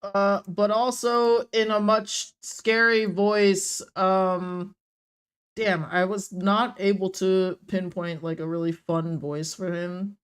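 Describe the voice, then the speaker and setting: Slow-talking casual woman game master. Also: mid-range voice, level tone, clear, resonant tone. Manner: casual and rambling, with frequent fillers and laughs. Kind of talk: narrating a tabletop game.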